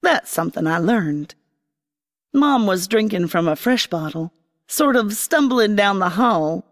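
A woman narrating a first-person fantasy story in an expressive, dramatic way. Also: mid-range voice, a little slow, in a large hall. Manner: expressive, dramatic, voicing a young girl.

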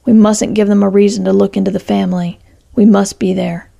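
Woman voicing a quiet scared foster mother, subdued, gravelly voice, mellow. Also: mid-range voice, level tone, fairly quick, muffled recording. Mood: fearful.

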